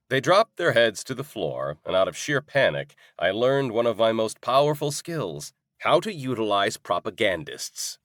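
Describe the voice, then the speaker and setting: A man narrating a first-person audiobook in an expressive, conversational way. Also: on the low side, moderate pace, few pauses, no room sound, studio quality.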